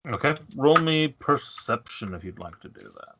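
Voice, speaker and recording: A man narrating as game master for a tabletop game, halting and repeating his words with many fillers. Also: medium pitch, very animated, pushed and bright, a little hiss or hum.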